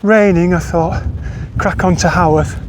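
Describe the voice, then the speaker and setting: A man's voice: high-pitched, steady tone, a little slow. A man, chatting casually as he walks a long-distance trail outdoors on a windy day. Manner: chatty, rambling, self-correcting. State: out of breath while climbing. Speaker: long-distance walker vlogging. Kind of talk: casual walking vlog. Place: outdoors on windy hills and moors.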